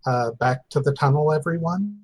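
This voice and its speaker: A man playing a rogue in a tabletop game, laying out his plans slowly and deliberately. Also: fairly high pitch, expressive, darkish tone, poor audio. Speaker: player.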